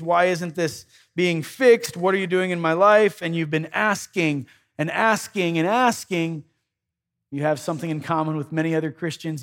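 High-voiced, gravelly male preacher. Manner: conversational preaching with dry irony and acted-out prayers. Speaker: pastor. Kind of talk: sermon.

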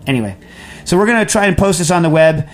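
A man's voice: a little high, expressive, fast. A man hosting a food radio show, answering a listener's question in a rambling, chatty way full of fillers and restarts. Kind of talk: casual call-in answering.

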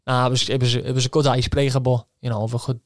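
A man's voice: medium pitch, little pitch movement, rapid-fire, no room sound, clean studio sound. A young man telling a rambling, swearing footballer's anecdote, quoting himself and laughing often. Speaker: footballer guest. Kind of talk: casual anecdote.

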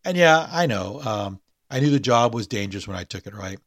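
A man's voice: fairly low pitch, expressive, a little fast, a bit bright, no room sound, studio quality. A man hosting a podcast, chatting hesitantly with many fillers and reading a spooky short story aloud. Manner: hesitant, full of fillers and restarts in chat.

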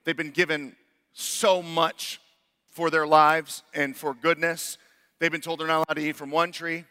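A man's voice: a little high, level tone, unhurried, bright, forceful tone, smooth, big-room sound. A man preaching a sermon as pastor, earnest, building to emphatic rhetorical questions.

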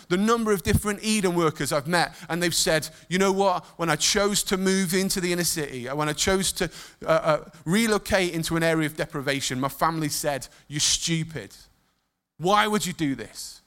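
Male preacher, emotional and animated, bright tone, slightly high pitch. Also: a little fast, clean tone. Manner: emotional, animated storytelling with sudden soft drops. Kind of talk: sermon.

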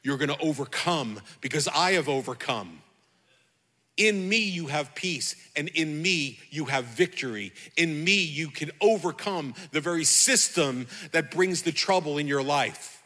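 A man with a high, bright, ringing voice preaches with fervor. He repeats his phrases and calls out to the congregation. The sound carries a long reverb, as in a large hall. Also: expressive, unhurried. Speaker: pastor. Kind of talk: sermon.

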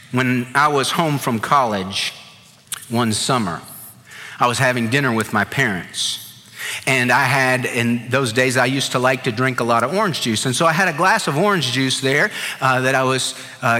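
A middle-aged man preaching a sermon as a pastor, telling stories and acting out quotes with lively energy. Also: on the high side. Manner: animated storytelling with acted-out quotes. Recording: long hall reverb.

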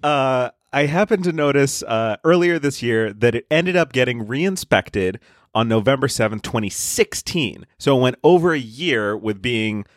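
Podcast co-host, male, lively pitch, dry close mic, deadpan precise storyteller. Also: dry recording. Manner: slow, overly precise storytelling. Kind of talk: casual comedy podcast chat.

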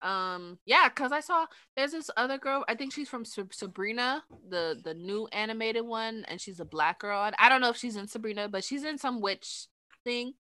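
A young woman co-hosting a casual podcast chat, animated and laughing, getting loud when she makes a point. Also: fairly high pitch, moderate pace, no room sound. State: eating dinner while talking. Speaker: podcast co-host.

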